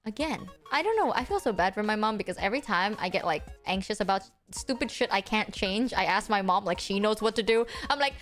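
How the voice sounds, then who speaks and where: A woman's voice: brisk, few pauses, soft background music. A young woman streamer telling a story in casual chat, swearing freely and acting out each quote. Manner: animated, acts out quotes with big pitch jumps.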